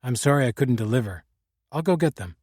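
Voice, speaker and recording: A man's voice: medium pitch, expressive, darkish tone, no echo, clean studio sound, lightly acted. A man voicing a nervous vineyard owner. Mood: relieved. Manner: relieved, hurried.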